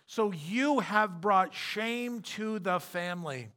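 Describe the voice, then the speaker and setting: A man's voice: high voice, lively intonation, takes it slowly, few pauses, sharp tone. A man preaching a sermon as pastor, emphatic and repeating his key points.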